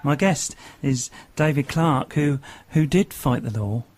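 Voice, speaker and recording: A man's voice: medium pitch, animated, a little slow, a little mellow, a little hiss or hum. A male radio host with a mid-range voice leads an interview. He asks his questions hesitantly, filling gaps with ums and encouraging his guest to carry on.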